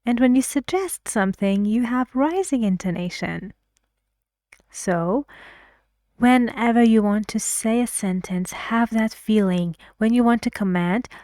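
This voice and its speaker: A woman teaching English pronunciation in an online lesson, slowly repeating words to model intonation and encouraging her students. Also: mid-range voice, darkish tone, no echo, studio quality.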